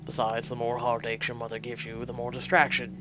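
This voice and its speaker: A reader voicing a supportive best friend who calmly reassures the heroine in a story game. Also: mid-range voice, brisk, noisy background, natural voice. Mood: reassuring. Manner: reassuring, calm.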